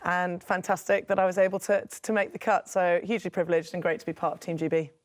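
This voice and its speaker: A sportswoman guest answers earnestly in a live TV studio interview, talking quickly. Her pitch stays fairly level, with a few halting restarts. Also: steady tone. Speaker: Olympic hockey player, guest. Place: TV news studio.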